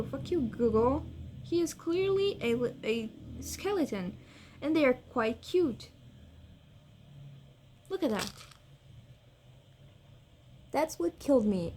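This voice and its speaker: Excitable young woman gamer, slow-talking. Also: a little high, a little hiss or hum. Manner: excitable, swings between scared and cooing over cute creatures. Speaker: gaming vlogger. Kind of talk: casual gameplay chat.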